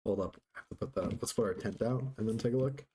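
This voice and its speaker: A man's voice: medium pitch, fast, mellow, slightly rough. A man streaming himself playing a building game, chatting casually to viewers as he plays. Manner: chatty, talks to chat while building. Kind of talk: casual live-stream gameplay commentary.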